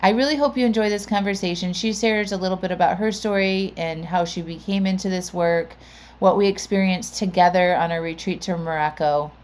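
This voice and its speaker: A woman's voice: on the low side, steady tone, brisk, darkish tone. A woman hosting a podcast and coaching, talking in a chatty, conversational way with frequent "like" and "right?". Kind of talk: chatty podcast intro monologue.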